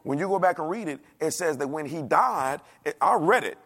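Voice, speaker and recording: A man preaching a sermon in a dialect, animated, asking the congregation questions and acting out the voices of the people he quotes. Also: fairly high pitch, fairly quick, slightly rough. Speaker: pastor.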